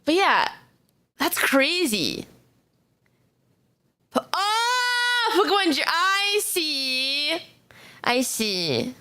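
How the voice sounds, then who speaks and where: A young woman streaming live, chatting casually as she reacts to videos, excitable, laughing often and swearing freely. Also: sits high, very slow, pauses often. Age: young adult.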